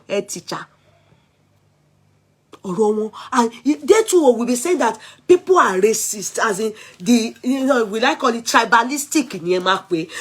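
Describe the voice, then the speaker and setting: A middle-aged woman with a Nigerian Yoruba accent, talking through casual commentary as a vlog host, animated and exclaiming as she switches between languages. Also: medium pitch, breathy edge. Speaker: vlog host taking calls.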